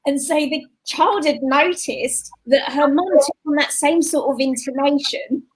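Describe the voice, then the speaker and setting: On a talk show, a guest who works as a children's coach explains parenting tips casually and warmly, imitating sing-song voices as she goes. Her high-pitched voice is unhurried, captured in a low-quality recording.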